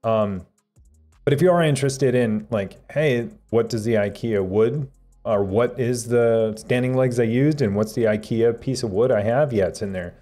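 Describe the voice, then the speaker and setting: Mellow-voiced man chatting on a livestream. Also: medium pitch, normal speed, soft background music. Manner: relaxed, stammering restarts, reads chat aloud. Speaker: tech livestream host. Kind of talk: casual livestream chat answering viewers. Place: home office room.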